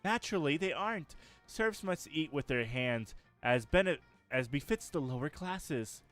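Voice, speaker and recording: A man's voice: fairly high pitch, animated, fairly bright tone, soft background music. A man voicing a haughty spoiled princess. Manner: prim, condescending, drawn-out delivery. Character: haughty spoiled young princess, pompous, callous.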